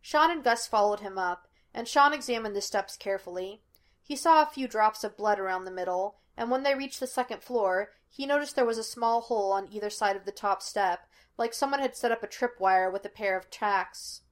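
A woman's voice: mid-range voice, normal speed. A woman reading a fan fiction story aloud as a podfic, giving the characters light changes of voice. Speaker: podfic reader. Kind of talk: fan fiction audiobook narration.

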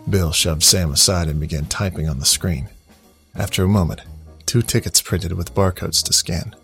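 A man narrating a serialized story in a steady, matter-of-fact way. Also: low voice, normal speed, vocal fry, faint music behind. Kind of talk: scripted narration.

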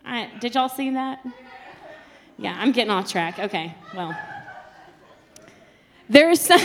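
Passionate woman preaching a sermon. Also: very high-pitched. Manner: passionate, swinging between soft and loud.

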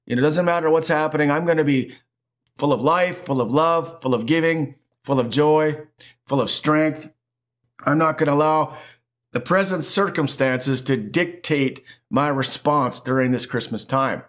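A middle-aged male pastor preaching with a fairly high voice. He builds emphatic, repetitive phrases and keeps the delivery animated. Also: moderate pace. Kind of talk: sermon.

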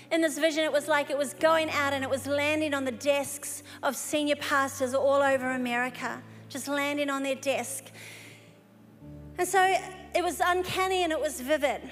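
A woman preacher telling a story in a sermon, animated and lively, breaking into excited exclamations. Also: sits high. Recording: live hall recording with long reverb.

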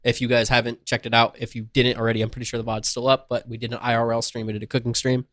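A man's voice: medium pitch, completely flat delivery, very fast, fairly bright tone, slight background noise. A man co-hosting a podcast in casual chat, talking loosely with many "um"s and "like"s. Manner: loose and hesitant, full of "um" and "like". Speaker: podcast co-host.

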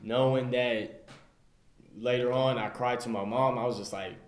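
A man's voice: medium pitch, little pitch movement, a little slow, reverberant. A young man sharing a personal faith story in a group, earnest and rambling, retelling his own words with "I was just like.". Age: young adult. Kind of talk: casual personal testimony.

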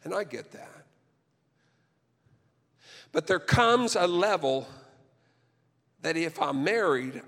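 A man preaching a sermon as pastor, impassioned, often building to near-shouting, with stumbles and restarts. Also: medium pitch, gravelly, big-room sound.

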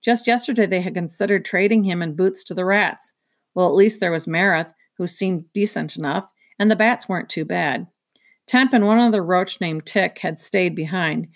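A woman's voice: fairly low pitch, normal speed. Woman reading a children's book aloud. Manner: steady, even storytelling. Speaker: reader.

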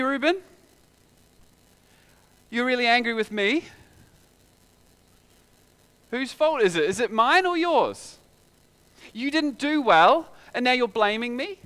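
A man's voice: very high-pitched, sharp tone, clean tone, voice pushed up, full character voice. A man voicing God as a stern figure rebuking a sulking man with pointed questions.

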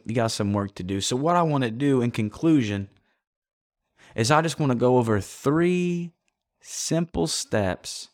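A man's voice: medium pitch, no echo, studio quality. A man delivering a blunt, profane motivational monologue, addressing the listener directly and emphatically. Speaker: motivational speaker.

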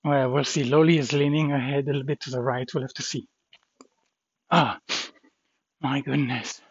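A man's voice: mid-range voice, level tone, fast talker, a little mellow, husky, dry recording, highs cut off. A shaken man rambling about a dog fight, swearing under his breath and trailing off. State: shaken, adrenaline-pumped. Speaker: vlogger. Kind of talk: shaken personal vlog after a dog fight.

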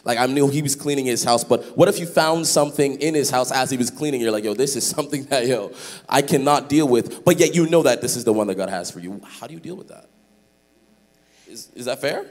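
A man hosting a church panel in a playful, animated way, drawing in the audience. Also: mid-range voice, quick pace. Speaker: host, panel moderator. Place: large church hall. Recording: hall reverb.

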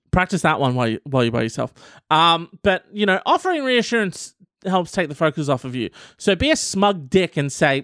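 A man's voice: on the high side, sing-song, fairly quick, fairly bright tone, no echo, studio quality. A man hosting a comedy podcast, reading out an article and riffing on it in an irreverent, profane, rambling way. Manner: reads out an article and riffs on it. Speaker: podcast host.

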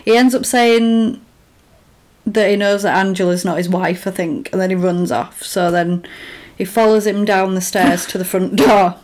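Woman, casual co-host, lively storyteller who voices the quotes. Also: mid-range voice, normal speed. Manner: animated storyteller, acts out quotes. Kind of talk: casual chat retelling a film.

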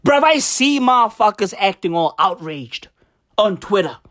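A woman's voice: mid-range voice, sing-song, moderate pace, fairly bright tone. A woman delivering a satirical comedic rant, sarcastic and profane, who keeps tossing in "right?".

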